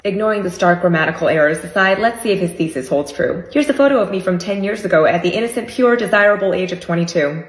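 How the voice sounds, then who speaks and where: Woman in her thirties, fast talker, dry sarcasm, echoey room. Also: fairly low pitch, expressive. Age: 30s. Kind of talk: sarcastic reply video.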